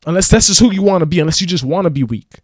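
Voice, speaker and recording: Casting: preachy male vlogger, slangy street talk, slightly high voice, close and dry. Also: animated, rapid-fire, no echo. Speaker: motivational vlogger. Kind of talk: casual motivational rant.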